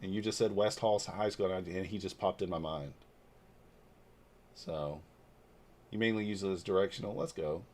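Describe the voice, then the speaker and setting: In a low-pitched, darkish voice at a moderate pace with long pauses, a trading livestreamer in his forties from Northeast Georgia chats casually. He answers viewers' comments aloud, blunt and loose, with mild swearing.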